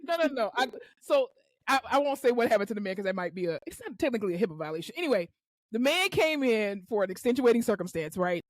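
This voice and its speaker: A young adult woman co-hosting a podcast, telling a work story in casual chat and acting out the quotes with loud swearing. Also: on the high side, very animated, fast talker, no echo. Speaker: podcast co-host.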